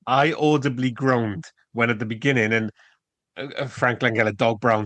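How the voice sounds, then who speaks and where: A man's voice: medium pitch, steady tone, normal speed, a bit bright, dry recording. A man co-hosting a podcast, chatting casually about a film in an incredulous, sarcastic way, with some swearing. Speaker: podcast co-host. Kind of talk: casual film review chat.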